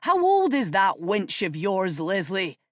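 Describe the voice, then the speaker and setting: A woman voicing a commanding young king who speaks in loud, imperious orders. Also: medium pitch, sing-song, a little slow, dry recording, studio quality, voice pushed up. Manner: blustering, imperious. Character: King James, commanding young royal man.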